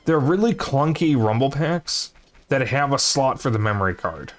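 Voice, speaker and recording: A man chats casually while streaming a game, rambling and self-deprecating. His voice sits at an ordinary mid pitch. He talks in an easygoing, offhand way. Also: animated, normal speed.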